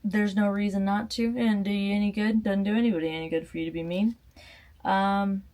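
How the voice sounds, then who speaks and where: A woman's voice: medium pitch, fairly even intonation, brisk, darkish tone. Playful rambling woman vlogger. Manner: playful, rambling, self-deprecating. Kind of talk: casual vlog outro.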